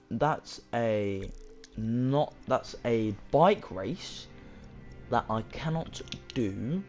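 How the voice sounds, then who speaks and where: Excitable young man narrating a racing game. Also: medium pitch. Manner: rambling, self-mocking, excitable bursts. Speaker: gaming video creator. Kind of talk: casual gameplay commentary.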